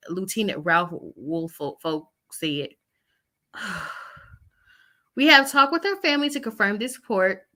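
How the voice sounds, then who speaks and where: A woman's voice: medium pitch, sharp tone. A woman in her thirties giving casual commentary on news stories, blunt and emotional, sighing often as she reads. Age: 30s. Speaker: vlogger reading the news.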